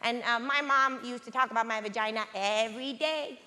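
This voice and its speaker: A woman doing stand-up on a theatre stage, deadpan and frank, repeating her lines for effect. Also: fairly high pitch, brisk. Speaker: stand-up comedian. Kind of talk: stand-up comedy. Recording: echoey theatre hall, loud noise.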